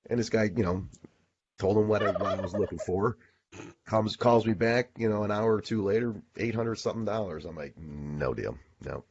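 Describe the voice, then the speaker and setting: A man with a very low, husky voice trades crude stories on a casual talk radio show. The sound is dull and lo-fi. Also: fairly quick, darkish tone. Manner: crude, storytelling, joking.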